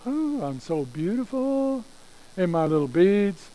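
A man's voice: high-pitched, sing-song, slow pace, dark tone, pitched above the performer's own voice, exaggerated voice, low-quality recording. A man putting on a whiny vain little girl. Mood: self-admiring. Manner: pleading, repeating herself.

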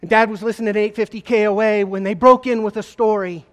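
A man, a former state trooper, gives an emotional personal testimony to an audience, telling it earnestly with halting repeats. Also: high voice, fairly even intonation. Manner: earnest, halting storytelling with repetitions. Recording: long hall reverb.

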